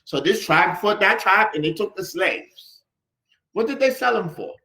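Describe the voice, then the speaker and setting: A man with a fairly high, very lively voice teaches a religious class in a mosque. He keeps throwing questions at the people in front of him and hammers points home by saying them again and again. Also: normal speed. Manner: animated, fires rhetorical questions at listeners; repeats phrases for emphasis. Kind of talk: classroom-style religious lesson. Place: mosque hall.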